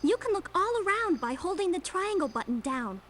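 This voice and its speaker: Zoe, a very high, chirpy fairy guide. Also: female voice, very animated, brisk. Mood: helpful. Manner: chirpy, instructive. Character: tiny helpful female fairy guide, bright and friendly.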